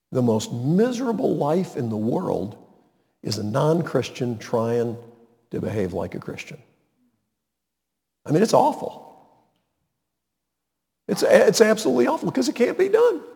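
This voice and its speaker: Expressive preacher with hall reverb. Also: male voice. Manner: dramatic swings in pitch and loudness, slows for emphasis. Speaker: pastor. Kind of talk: sermon.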